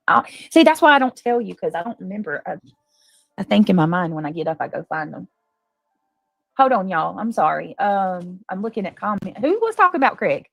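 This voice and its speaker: A woman's voice: lowish voice, animated, fairly quick, gravelly, no echo. A woman hosting a casual livestream, chatting effusively and greeting viewers from the comments.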